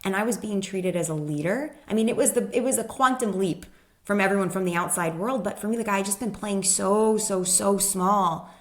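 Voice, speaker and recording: Woman guest on a talk show, chatty and animated, mid-range voice. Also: medium pitch, a little fast. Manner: lively storyteller who acts out the people she quotes. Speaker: guest, human design expert. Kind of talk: casual storytelling in conversation.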